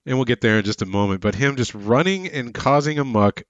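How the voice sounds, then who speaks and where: A man's voice: medium pitch, lively intonation, brisk, no room sound. Wry, laid-back man, slightly dull mic. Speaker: podcast co-host. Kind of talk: casual chat.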